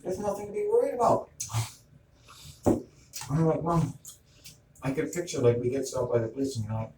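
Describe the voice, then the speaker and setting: Here a middle-aged vlogger, his voice on the high side and very animated, rants at a moderate pace. He replays an argument as quoted exchanges in an agitated monologue, captured on a distant mic in a roomy space with noisy ambience.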